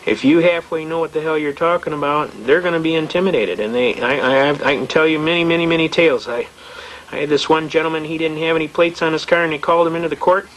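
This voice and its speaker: This low-quality recording carries slight background noise under a man's somewhat high, slightly bright voice, delivered quickly with fairly even intonation. Lecturing bluntly and folksily on self-representation in court, he leans on anecdotes, restarts often, and repeats himself.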